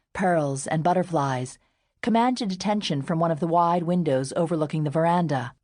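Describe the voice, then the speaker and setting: A woman narrating a romance audiobook in a calm, measured way. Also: low-pitched, no room sound, studio quality. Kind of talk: scripted narration.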